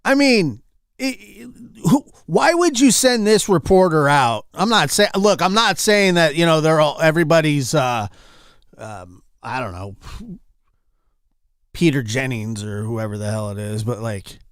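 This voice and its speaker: A man's voice: on the high side, lively intonation, unhurried, smooth, no echo. Exasperated man ranting in a dry room. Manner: exasperated, repetitive, swings loud and soft. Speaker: commentary channel host. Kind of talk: casual reaction commentary.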